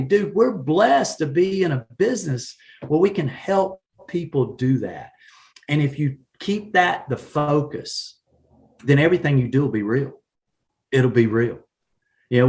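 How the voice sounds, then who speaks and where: A man with a Southern accent from South Carolina, talking in a folksy, animated way with frequent laughs in a casual live-stream chat. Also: a little high. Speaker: guest, real estate agent.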